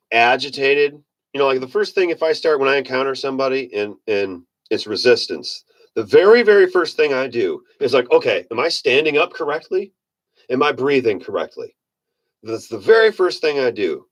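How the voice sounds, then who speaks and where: A man's voice: mid-range voice, very animated, moderate pace. A man giving a casual motivational monologue in a rambling, folksy manner, often correcting himself. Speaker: self-help speaker.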